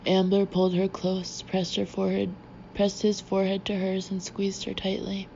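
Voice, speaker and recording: Woman audiobook narrator, measured reading; dark, mellow tone, faint background hiss. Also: mid-range voice, completely flat delivery, gravelly, highs cut off. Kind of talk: scripted narration.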